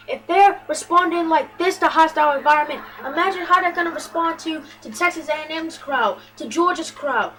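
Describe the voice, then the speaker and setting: A woman doing excitable play-by-play commentary over her football video game, bursting into shouts on big plays and tripping over her words. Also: extremely high pitch, low-quality recording.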